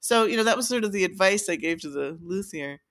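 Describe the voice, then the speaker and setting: Speaking fast and animatedly in a mid-range, slightly bright voice, a woman who makes violins shares a workshop story as a podcast guest. The chat is casual and full of fillers and restarts, and she laughs often.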